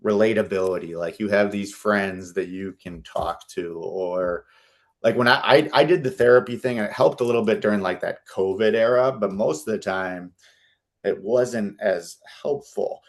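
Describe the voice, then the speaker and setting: A man's voice: fairly low pitch, normal speed. A man in his thirties hosting a podcast, talking in a loose, rambling way with many fillers. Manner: chatty, rambling, lots of fillers. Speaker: podcast host. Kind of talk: casual interview talk.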